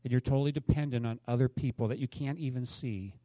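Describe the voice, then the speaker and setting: A man's voice: mid-range voice, fast talker, warm tone, no room sound. A man preaching a sermon to his congregation in a conversational way, often asking them questions. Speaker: pastor.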